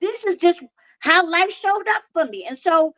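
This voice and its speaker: A woman comedian in her forties with a slight lisp, telling stories in a lively, comedic, preacher-like cadence over a video call. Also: very high voice, moderate pace, no echo, poor audio. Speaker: comedian guest. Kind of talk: casual storytelling chat.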